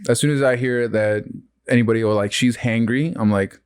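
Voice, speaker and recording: A young man hosting a podcast in casual chat, blunt and quick to laugh, swearing freely. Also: lowish voice, fairly even intonation, darkish tone, smooth. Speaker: podcast host.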